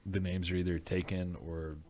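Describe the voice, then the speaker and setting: Guy, real deep voice, laid back, lots of ums, just chatting about beer. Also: moderate pace, a little hiss or hum. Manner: relaxed storyteller, many "um"s. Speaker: guest head brewer. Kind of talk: casual chat.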